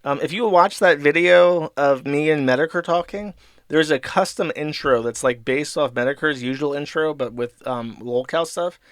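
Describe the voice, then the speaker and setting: A man's voice: on the high side, moderate pace, smooth, no room sound, clean studio sound. A man hosting a casual livestream, reading out viewer donations and rambling about them with frequent laughs and swearing. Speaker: livestream host.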